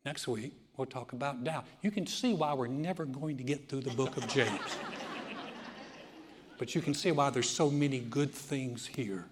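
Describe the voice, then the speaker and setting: A man preaching a sermon to a congregation, moving between loud, emphatic passages and a quiet, low prayer voice. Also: normal speed, background noise. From United States. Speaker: pastor. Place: church sanctuary. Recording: long church reverb.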